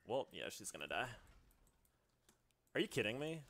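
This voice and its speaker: A man's voice: on the low side, very animated, moderate pace, creaky, fairly bright tone. A man giving live gameplay commentary as a streamer, trash-talking opponents and swearing, with sudden yelps and laughter.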